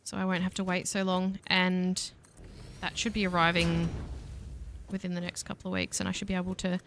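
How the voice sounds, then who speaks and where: A young Australian woman streaming a factory-building game, thinking aloud and chatting with viewers, quick to laugh at herself. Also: on the low side, monotone, creaky, a bit bright, slight background noise. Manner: self-deprecating, laughs easily. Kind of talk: casual let's-play commentary. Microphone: desk mic, voice only without face cam.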